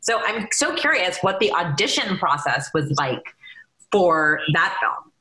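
A woman's voice: lowish voice, big pitch swings, measured pace, pushed and bright. A woman co-hosting a podcast, asking an interview question with an enthusiastic, careful delivery. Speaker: podcast co-host. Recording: roomy echo.

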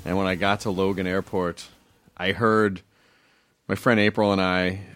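A man's voice: low voice, level tone, normal speed, fairly bright tone, clear, resonant tone, no echo, soft background music. Chatty male podcast host. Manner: chatty, laughs easily. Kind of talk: casual podcast chat.

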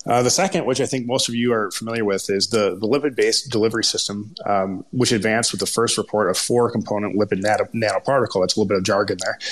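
A man with a Minnesota accent presenting technical material off the cuff, often stumbling and restarting over jargon. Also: on the low side. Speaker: guest researcher presenting. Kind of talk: ad-libbed presentation on a panel talk.

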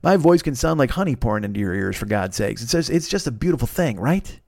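A man hosts a solo podcast, his voice hoarse and congested from a cold. He rambles through stories with a steady stream of swearing. His pitch sits at an average level, and the microphone sound is dry and close. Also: quick pace, no echo. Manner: rambling, profane storytelling. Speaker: podcast host. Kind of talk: casual solo monologue.

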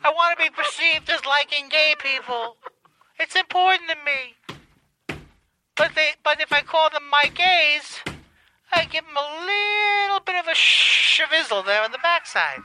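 A brash celebrity comedienne, as a man impersonates her, very bright and piercing in tone. She is flippant and mock-earnest. Faint noise sits under the voice. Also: extremely high pitch, a little slow, exaggerated voice. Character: brash female celebrity comedian, self-satisfied.

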